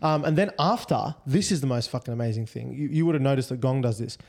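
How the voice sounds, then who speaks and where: A young man, talking fast and animated on a casual podcast, swearing and acting out exchanges. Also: medium pitch, vocal fry. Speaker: podcast co-host. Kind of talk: casual chat.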